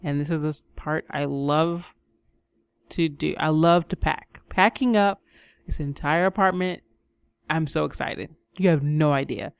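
A woman co-hosting a podcast in casual chat, bubbly and excitable, laughing often and bossing her co-host. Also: sits low, measured pace, gravelly, no echo.

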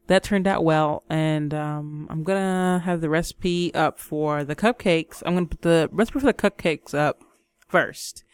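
A woman co-hosting a casual chat show, talking in a relaxed, giggly way with lots of "like" and "um". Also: sits low, unhurried, smooth, no echo. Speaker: co-host.

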